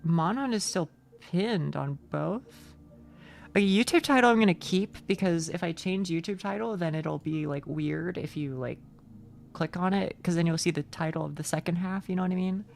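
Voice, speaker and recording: A young woman streaming a game live, chatty and excitable, swearing freely and reading out chat. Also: lowish voice, normal speed, vocal fry.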